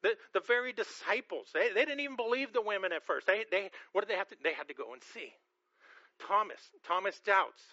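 A man's voice: high voice, expressive, a little fast, bright, forceful tone, no echo, lo-fi sound. A man preaching an earnest sermon, often repeating words as he starts a phrase and asking the congregation questions. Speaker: pastor.

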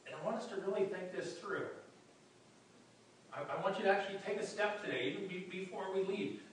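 A man preaching a sermon earnestly, often repeating words and restarting as he goes. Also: high-pitched. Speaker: pastor. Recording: very echoey room, voice from a distance, faint background noise.

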